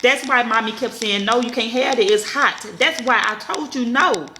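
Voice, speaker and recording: A mother in her thirties telling a story to her viewers, talking fast and bluntly and swearing freely. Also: a little high, sharp tone. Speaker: vlogger, mother. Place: at home. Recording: echoey room, faint noise.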